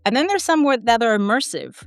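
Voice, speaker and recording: Animated woman telling her story. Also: fairly high pitch, no room sound, faint music behind. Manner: animated, quick asides, laughs, acts out quoted voices. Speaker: podcast guest, academic editor. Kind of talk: conversational interview storytelling.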